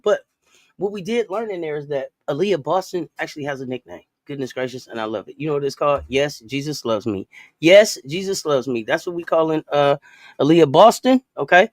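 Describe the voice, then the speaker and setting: A man hosts a loose sports chat in a high, lively voice that swings up and down constantly. He is playful and repetitive and laughs easily. The sound is dry and close to the mic. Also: fast, no echo. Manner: playful, repeats himself, laughs often. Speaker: podcast host.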